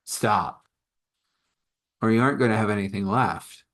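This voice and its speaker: A man's voice: on the low side, a little slow, a bit bright. A man voicing an angry, domineering royal father who speaks in indignant threats. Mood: threatening.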